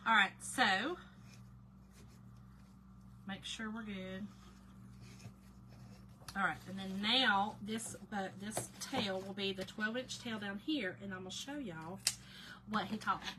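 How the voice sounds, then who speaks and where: A woman with a mid-range voice hosts a casual live craft demo, speaking slowly with long pauses. She's chatty and greets chat viewers warmly by name, but often drops into quiet mutters to herself while concentrating. There's noticeable background noise in the recording.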